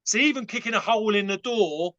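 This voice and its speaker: This high-voiced man from England speaks quickly and sharply in an Essex accent, rambling frankly through casual stories as a podcast guest with many fillers. The recording has no room sound and its highs are cut off.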